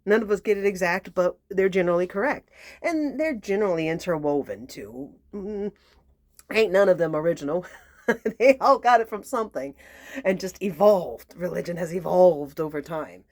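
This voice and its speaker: A woman tells a story in a somewhat low voice, chatty and sassy, talking straight to her viewers. The sound is dry and close, with no room echo. Now and then she drops into a soft near-whisper. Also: lively intonation, moderate pace. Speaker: tarot reader and channel host. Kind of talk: casual spoken storytelling.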